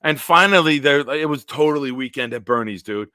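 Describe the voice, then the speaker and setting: A man hosting a casual solo livestream, telling stories in a rambling, animated way with big swings in loudness. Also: medium pitch, fairly quick, clear, resonant tone, no room sound, studio quality. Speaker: livestream host.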